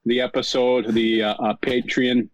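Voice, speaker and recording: A man guesting on a podcast, talking in a friendly way with many pauses and fillers. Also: mid-range voice, flat delivery, dry recording, low-quality recording. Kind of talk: casual podcast chat.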